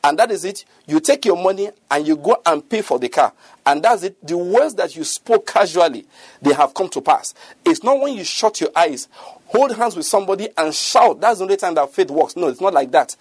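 A man's voice: high voice, lively intonation, a little fast, breathy edge, no room sound. A middle-aged man preaching a sermon, earnest and repetitive, often checking that listeners follow him.

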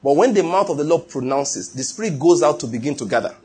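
A man's voice: fairly high pitch, lively intonation, fast, a little mellow, slightly rough. A man preaching a sermon, emphatic and repetitive, often asking whether his listeners follow. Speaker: pastor.

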